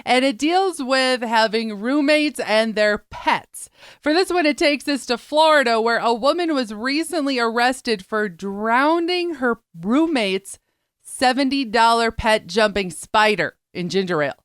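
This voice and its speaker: A woman's voice: fairly high pitch, lively intonation, unhurried, fairly bright tone, smooth, no room sound, clean studio sound. A woman co-hosting a show, chatting casually about news stories. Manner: chatty, storytelling, laughs easily. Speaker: co-host.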